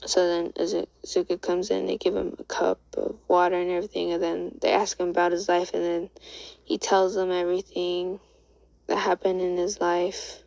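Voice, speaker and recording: A woman talks her way through a made-up story in an easygoing, rambling ramble, tripping over her words and restarting often. Her voice is on the low side with plenty of gravelly fry, and the sound is close and dry with no room around it. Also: flat delivery, moderate pace, a little mellow, no room sound, poor audio. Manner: rambling, stammering, full of "and then" and "like". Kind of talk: casual spoken retelling of a fan story.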